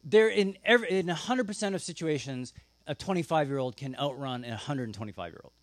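A man preaching a sermon, telling the story with lively asides and acting out the characters. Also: fairly high pitch, quick pace, dry recording. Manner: animated storytelling, acts out characters with gasps and asides. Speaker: pastor.

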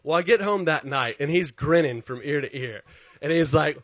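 A man preaching a conversational sermon, an animated storyteller who pokes fun at himself before turning to scripture. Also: on the high side, normal speed, no room sound. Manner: self-deprecating, animated storyteller. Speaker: pastor.

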